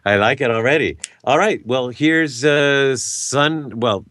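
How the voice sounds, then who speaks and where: A man's voice: medium pitch, slow, fairly bright tone. A man hosting a radio show, chatting casually with guests, often stumbling over his words and laughing easily. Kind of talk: casual interview chat.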